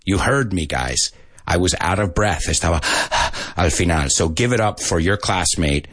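A man hosting a casual live English lesson, joking and laughing often at himself and spelling out letters slowly. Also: low-pitched, animated, a loud crowd, heavy background noise. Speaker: live-stream host teaching English.

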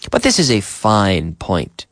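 A man teaching an English lesson on the radio, drilling phrases slowly and repeating them, with short glosses added in between. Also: on the low side, wildly swooping pitch, fairly bright tone, no room sound, studio quality. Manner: slow, repetitive drilling with Spanish glosses. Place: radio studio.

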